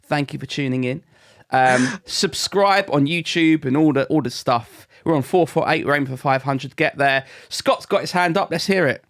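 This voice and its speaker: Male podcast host, cheerful and jokey, casual banter, voice sits a touch high. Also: normal speed, fairly bright tone. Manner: upbeat, joking, chatty.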